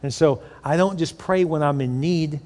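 A man preaching a sermon as pastor, animated and joking, acting out the voices he quotes. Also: a little high, moderate pace. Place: church. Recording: long reverb of a church hall.

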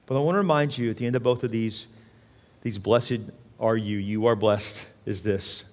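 A pastor preaching a sermon, moving from hushed, intimate prayer to loud, impassioned exhortation. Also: male voice, lowish voice, moderate pace.

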